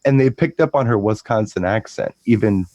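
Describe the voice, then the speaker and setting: A man chatting casually as a DJ co-host, telling stories in a rambling, animated way with lots of restarts. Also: lowish voice, normal speed, no room sound, highs cut off. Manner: rambling, animated storytelling with frequent restarts and mimicked voices. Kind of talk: casual chat.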